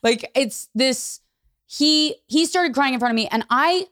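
A woman comedian, a podcast guest, talking candidly and profanely in an animated storytelling way. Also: sits high, unhurried, dry recording, clean studio sound. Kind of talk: casual podcast conversation.

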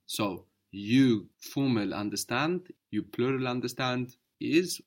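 A man's voice: medium pitch, animated, takes it slowly. A man teaching a spoken language lesson, patiently explaining and modeling each word carefully.

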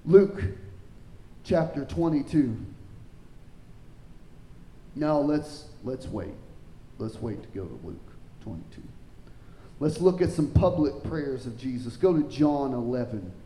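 A man preaches slowly with long pauses, reading scripture aloud and stopping to ask whether listeners understand. He's animated, his pitch rising when he quotes scripture, and the low-quality recording has an echoey room sound.

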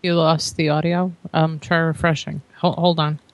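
Dry-sounding woman co-host, quick reactions. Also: deep voice, level tone, no room sound. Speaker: podcast co-host. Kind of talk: casual podcast chat.

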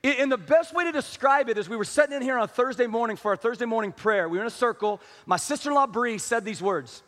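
A man's voice: extremely high pitch, expressive, fast, fairly bright tone, long reverb tail. A middle-aged male pastor preaching an impassioned, conversational sermon full of rhetorical questions to his church. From small-town upbringing.

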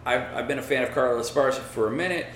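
A man's voice: medium pitch, racing, a bit bright, slight background noise. Laid-back man in an echoey room. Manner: laid-back, rambling, swears casually. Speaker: podcast co-host picking fights. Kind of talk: casual chat.

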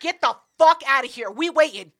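Lively high-voiced woman reacting. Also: normal speed. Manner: reactive, profane, jokingly indignant. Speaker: podcast co-host. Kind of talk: casual chat.

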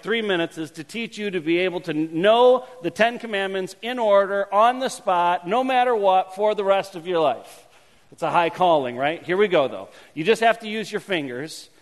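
A man pastor leads his congregation through a playful hand-gesture game in his sermon. His voice sits a little high and moves between animated calls and hushed asides. A long reverb from the church hall trails each phrase. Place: church sanctuary.

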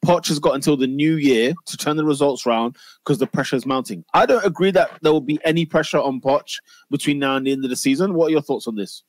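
A man's voice: fairly high pitch, fast, hardly any pauses, dry recording. A man hosting a casual football podcast, reading out listener comments in a playful, teasing way.

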